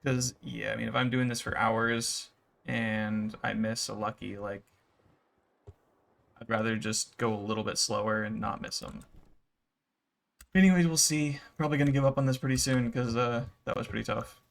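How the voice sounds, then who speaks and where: Gaming YouTuber, male, gravelly, mid-range pitch, loose rambling commentary over gameplay. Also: moderate pace. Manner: relaxed, rambling, many fillers.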